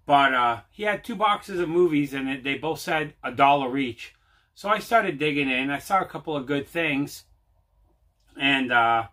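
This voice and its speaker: Hosting his own home video, a man tells a long, casual story, rambling, repeating himself and using plenty of fillers. His voice is medium-pitched, bright and forceful.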